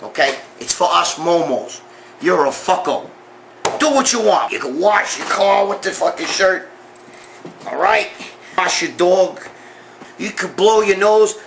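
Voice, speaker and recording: A man's voice: high-pitched, lively intonation, a little slow, vocal fry, long pauses, noisy background. A middle-aged man hosting a show, ranting and telling stories in a brash, profane, blunt way. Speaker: host. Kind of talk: profane monologue rant and storytelling.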